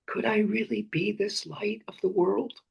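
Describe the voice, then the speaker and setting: A meditation teacher guides a meditation slowly and unhurriedly, his voice gravelly and very husky and pitched a little high for a man. He often drops into breathy whispers, softly repeating phrases and names. The audio is dull.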